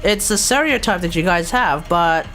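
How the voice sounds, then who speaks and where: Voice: medium pitch, lively intonation, moderate pace, fairly bright tone. An Australian game streamer chatting casually on a live stream, rambling, laughing and swearing as they go.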